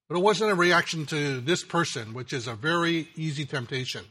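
Slow and deliberate, a preaching pastor works through a joke story, his phrases dropping to a low hush as they finish.

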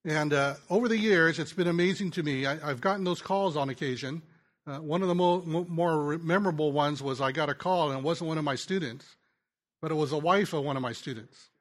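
Storytelling male preacher, slightly high voice. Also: brisk. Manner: conversational storytelling, drops soft and quiet in tender moments; frequent restarts and stammers. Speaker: pastor and ministry teacher. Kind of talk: sermon.

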